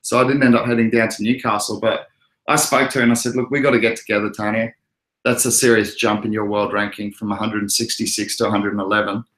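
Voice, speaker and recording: A man's voice: fairly low pitch, little pitch movement, fast talker, fairly bright tone. Laid-back Australian man chatting, echoey room. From Queensland, Australia. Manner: laid-back, chatty, answers chat messages. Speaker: crypto livestream host. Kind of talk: casual livestream chat.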